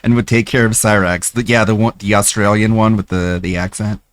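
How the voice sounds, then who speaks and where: A man's voice: fairly low pitch, steady tone, a little fast, dry recording. A male streamer commenting casually, in an amused and wry way. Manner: amused, wry, laughs often.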